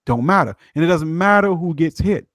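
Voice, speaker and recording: Chicago guy on a live show, fired up, slangy, pitch jumping all over. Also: lively intonation, fairly quick, a bit bright, no room sound. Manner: emphatic, street slang. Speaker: guest commentator. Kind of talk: animated casual commentary.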